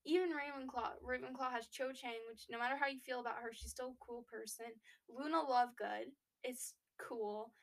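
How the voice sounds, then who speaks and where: A woman's voice: on the high side, fairly even intonation, moderate pace, few pauses. A young woman co-hosting a podcast in casual chat, talking with lots of fillers and restarts. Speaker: podcast co-host.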